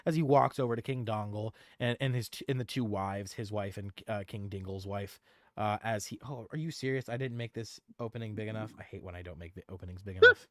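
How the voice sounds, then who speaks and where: A man's voice: lowish voice, brisk, bright, forceful tone, no echo, clean studio sound. A young man narrating as game master of a tabletop game, rambling and restarting words.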